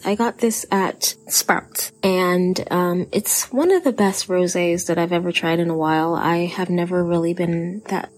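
A woman's voice: fairly low pitch, a little mellow, slightly rough, low-quality recording. A woman with a Texan accent, talking casually and earnestly on a podcast, encouraging listeners. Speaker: podcast co-host.

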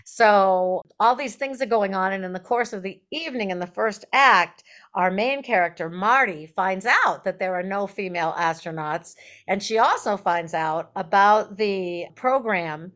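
A woman guest on an interview podcast, spinning a long anecdote in an easy, chatty way. Her voice sits in a middle pitch range, and she breaks into laughter between lively asides. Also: a little slow. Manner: chatty, animated, laughs while telling stories. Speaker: guest songwriter and performer. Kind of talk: casual interview storytelling.

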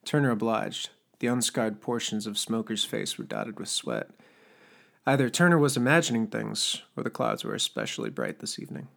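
Gravelly male audiobook narrator. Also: on the low side, sing-song, moderate pace, a bit bright. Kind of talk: scripted fiction narration.

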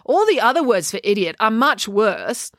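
Lady doing a sassy bossy kid sister, blunt, bit higher voice. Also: sing-song, normal speed, a bit bright, dry recording, clean studio sound. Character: bossy cheeky young sister.

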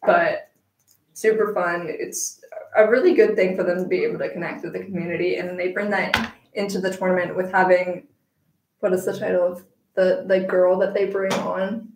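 A young woman co-hosting a podcast in casual chat, making playful quick asides, recorded in a small room. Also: lowish voice, flat delivery. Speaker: podcast co-host. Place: small room in a school library. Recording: echoey small room, faint background noise.

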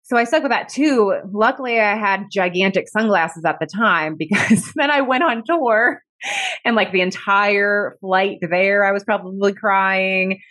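Unhurried, with a medium-pitched, slightly bright voice, a woman appearing as a podcast guest reflects candidly on her own story. She uses "like" a lot and is emotional, close to tears at moments.

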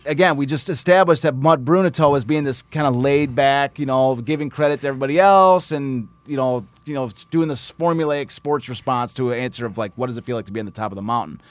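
A man's voice: mid-range voice, fast, few pauses, no echo. A man hosting a casual talk, telling sports history stories with animation and reading old articles aloud. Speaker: podcast host and filmmaker. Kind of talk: casual chat.

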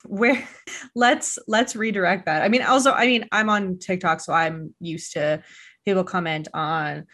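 A woman's voice: on the low side, measured pace, a bit bright. A woman hosts a podcast, rambling in a loose, self-deprecating way. She swears casually and laughs at herself as she talks. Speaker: podcast host. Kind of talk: casual chat.

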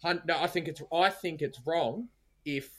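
A man's voice: fairly high pitch, normal speed, fairly bright tone. A man with an Australian accent, co-hosting a casual sports podcast and arguing his view emphatically, often checking with "right?". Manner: emphatic, argumentative, leans on "right?". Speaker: podcast co-host.

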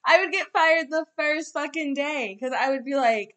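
A woman's voice: high voice, moderate pace, hardly any pauses, a bit bright. A young woman chatting casually on a podcast, laughing often and slipping into mock voices. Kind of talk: casual chat.

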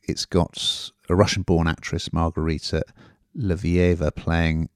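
A man with a very low voice hosts a casual podcast chat, rambling a bit as he reviews a TV drama. The sound is dry and close, with no room around it. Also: steady tone, measured pace, no room sound. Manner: chatty, rambling with fillers.

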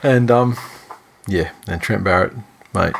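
A man's voice: low-pitched, a little slow, creaky, noisy background. A man, co-hosting a sports podcast in casual, sweary, rambling chat. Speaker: podcast co-host.

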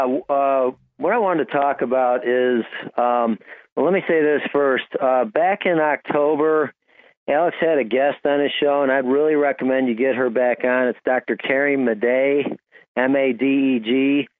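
A male caller to a radio show, an Air Force veteran, talking haltingly with many fillers over a phone line. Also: medium pitch, no echo. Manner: halting, full of fillers and restarts. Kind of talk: phone-in call.

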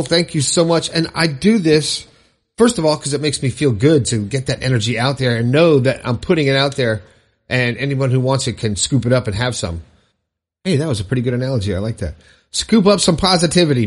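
A man's voice: medium pitch, animated, a little fast, slightly rough. A man hosting his own positivity podcast, chatting cheerfully and laughing at his own jokes. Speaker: podcast host. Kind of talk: upbeat solo podcast talk.

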